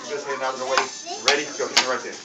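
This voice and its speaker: A man's voice: mid-range voice, little pitch movement, very fast, noisy background. A man teaching children as a martial arts instructor at a belt test, playful and encouraging, talking simply to kids in a studio. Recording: echoey room from far away with music.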